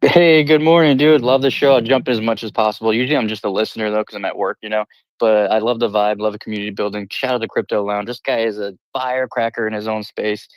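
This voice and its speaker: A friendly man with a slightly low voice joining a stream from work, chatting enthusiastically in crypto slang. The recording is dry. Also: fairly even intonation, fast talker, smooth, no room sound, poor audio. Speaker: guest. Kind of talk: casual chat on a live audio stream.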